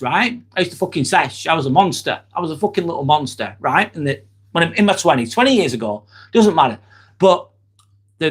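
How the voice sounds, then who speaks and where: Male host in his 40s, slightly high-pitched, blunt and sweary, casual live-stream chat. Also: fairly bright tone, husky. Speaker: livestream host.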